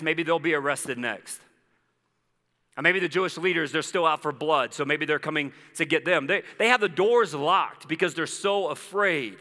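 A man preaching with a bright, forceful voice that rings through a church hall with long reverb. He tells stories with animated, conversational asides, and his pitch sits a little above the usual. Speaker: pastor. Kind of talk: sermon.

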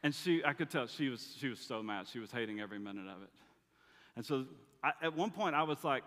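A man's voice: medium pitch, brisk, a bit bright. A middle-aged man preaching a sermon, telling family stories with dry humor in a conversational way. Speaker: pastor. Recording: long reverb of a large hall.

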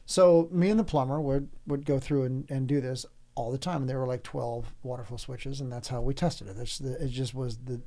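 A man's voice: mid-range voice, warm tone. A man co-hosting a podcast, telling a funny work anecdote in casual chat and laughing often. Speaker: podcast co-host.

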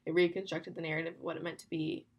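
A woman's voice: deep voice, level tone, husky. A young woman hosting a podcast on her own, talking casually and candidly with lots of fillers. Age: young adult. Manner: chatty, candid, fast with lots of "like". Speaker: podcast host. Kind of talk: casual solo podcast talk.

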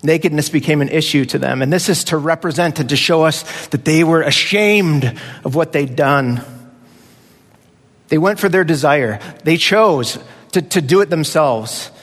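A man's voice: on the high side, moderate pace, fairly bright tone, long reverb tail. A man preaching a conversational sermon as pastor, now and then acting out voices of children.

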